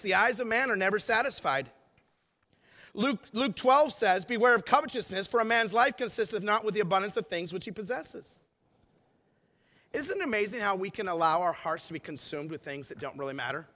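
A man's voice: high voice, lively intonation, normal speed, long pauses, sharp tone. A middle-aged man, a pastor, preaching a sermon in an emphatic, conversational way, full of rhetorical questions to the congregation. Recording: echoey hall with long reverb.

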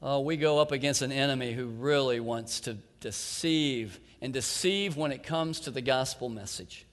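Preacher in a reverberant hall. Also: male voice, normal speed. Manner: folksy storytelling, drops to a soft low voice for quotes. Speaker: pastor. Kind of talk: sermon with personal story. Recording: long reverb of a large hall.

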